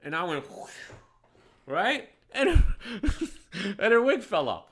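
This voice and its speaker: A young man who runs a bar, telling a profane story that swings from low mutters to loud outbursts. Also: big pitch swings, takes it slowly, slightly rough. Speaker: bar manager.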